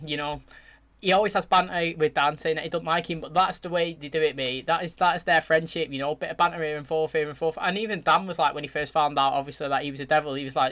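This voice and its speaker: A man hosting his channel, chatting excitedly as he reacts to a show's finale and addresses his viewers directly. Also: fairly high pitch. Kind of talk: casual reaction commentary.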